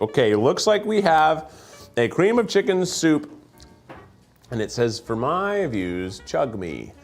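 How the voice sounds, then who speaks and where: A man hosting a casual food-tasting chat, joking and rambling and laughing easily between bites. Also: mid-range voice. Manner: jokey, rambling, quick to laugh. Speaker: host. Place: studio set with food conveyor belt.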